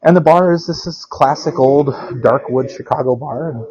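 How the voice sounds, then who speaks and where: A fairly high-pitched, somewhat mellow male voice at a moderate pace belongs to a podcast co-host calling in by phone. Chatting casually, he rambles through stories and laughs frequently while walking outside and then entering a quiet bar, all in dull, lo-fi phone-call sound.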